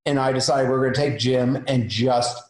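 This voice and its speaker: A man's voice: medium pitch, steady tone, brisk, heavy reverb, poor audio. A man animatedly telling stories in a casual chat with former coworkers. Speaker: cast member recalling a shoot.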